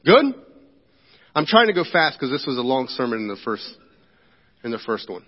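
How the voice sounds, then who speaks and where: A man's voice: medium pitch, very animated, normal speed. A man preaching a sermon as pastor, talking in a conversational way and often checking in with the congregation. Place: church sanctuary. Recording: echoey church hall, dull lo-fi sound.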